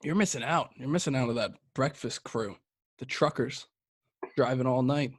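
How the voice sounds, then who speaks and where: Young guy cracking crude jokes on a beer podcast, mid pitch, dead dry sound. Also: moderate pace, no room sound. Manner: crude, joking banter. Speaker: podcast co-host reviewing beers. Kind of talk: casual chat.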